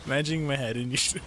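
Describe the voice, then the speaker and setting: A man streaming a game, chatting casually with his viewers and laughing often. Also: medium pitch. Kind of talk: casual live-stream chat. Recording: faint background noise.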